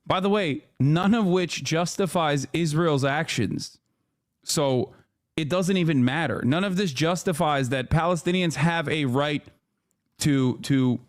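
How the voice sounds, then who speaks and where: A man streaming live, reacting to a clip and arguing his point in a heated, sarcastic way with quick restarts and fillers. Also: on the high side. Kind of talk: casual stream commentary.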